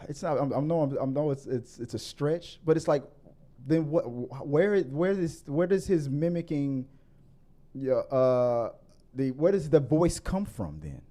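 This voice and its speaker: Rambling man with a mellow voice. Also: a little slow. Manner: rambling, many restarts and self-corrections; grows animated and higher when arguing. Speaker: podcast host. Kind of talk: casual movie review chat.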